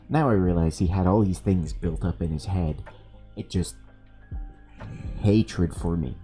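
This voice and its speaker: A man's voice: deep voice, moderate pace, mellow, faint music behind. A male streamer casually telling a story while gaming, profane, sardonic and amused.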